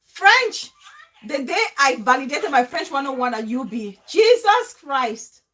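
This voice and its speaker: Woman, live-stream host, casual chat, emotional and pleading, high voice, bright tone. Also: brisk. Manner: emotional and pleading, shouting out names.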